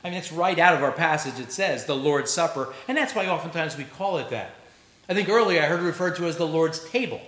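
A man's voice: fairly high pitch, expressive, fast talker, fairly bright tone. A male pastor preaching a sermon in a church. He talks in a conversational way and makes joking asides to the congregation. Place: church sanctuary. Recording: echoey church recording with faint noise.

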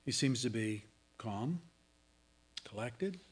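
A man preaching a sermon, swinging between loud dramatic scripture reading and hushed asides. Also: mid-range voice, lively intonation, slow pace, husky. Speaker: pastor. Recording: audio of a sermon.

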